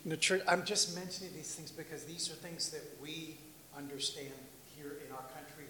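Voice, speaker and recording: A man's voice: on the high side, fairly even intonation, normal speed, noisy background. A man from Washington, D.C., a missionary giving a conversational church talk, telling anecdotes, acting out little exchanges and asking the congregation questions.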